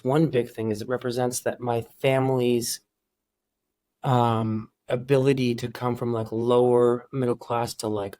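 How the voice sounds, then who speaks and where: A man in his forties from Iran, a guest in a casual interview, talking in halting starts with lots of restarts. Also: mid-range voice, a little mellow, no echo, clean studio sound. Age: 40s.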